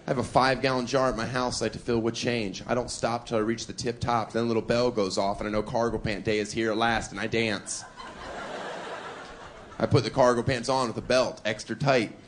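A male stand-up comedian performing a routine, full of provocative setups and deadpan asides, chuckling at his own lines. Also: mid-range voice, fairly quick, noisy background.

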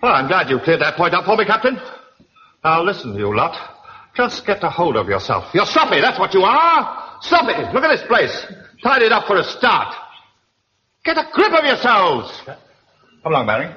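An actor playing a stern, sarcastic army major who barks orders, in a muffled old broadcast with hiss. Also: male voice, high-pitched, huge pitch swings, moderate pace. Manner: barking, sarcastic, commanding.

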